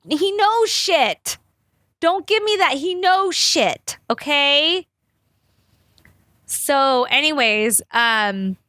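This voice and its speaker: A woman hosting a podcast in casual chat, rambling and animated and swearing freely. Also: a little high, dry recording, studio quality. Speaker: podcast host.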